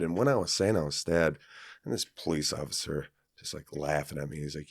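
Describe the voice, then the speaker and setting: A man's voice: rumbling low, a little fast, gravelly, slightly rough, no room sound, clean studio sound. A man from Kansas, a podcast guest, telling a personal story in a rambling, casual way with many fillers and restarts.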